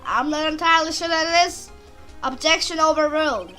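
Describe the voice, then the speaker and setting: A woman voicing an old male judge who gives formal, measured rulings. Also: sits high, pushed and bright, faint music behind.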